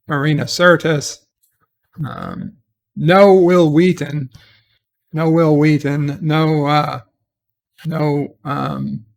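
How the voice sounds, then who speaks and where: A man's voice: a little high, gravelly, fairly bright tone. A man giving a rambling, exasperated spoken review of a TV episode, often restarting his sentences. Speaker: TV show reviewer.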